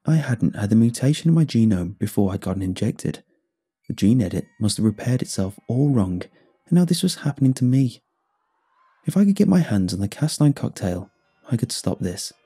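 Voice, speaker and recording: Deep, mellow male horror narrator, dramatic reading. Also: husky. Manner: measured, dramatic reading with sudden pitch lifts. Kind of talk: scripted first-person horror narration.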